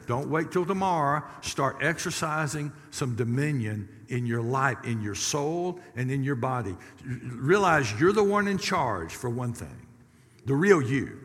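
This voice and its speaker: A middle-aged man, preaching a sermon as a pastor, lively and folksy, with sudden loud rises. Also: mid-range voice. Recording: reverberant church hall.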